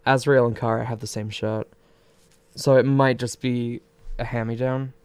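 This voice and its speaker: A man's voice: medium pitch, flat delivery, normal speed, darkish tone, clear, resonant tone, no room sound. A young man streaming a video game, joking and swearing while reading characters' lines aloud in playful put-on voices.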